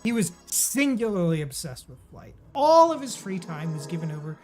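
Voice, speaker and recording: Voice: medium pitch, big pitch swings, moderate pace, darkish tone, soft background music. A playful, theatrical host running comedic game show banter. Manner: playful, theatrical, lots of fillers.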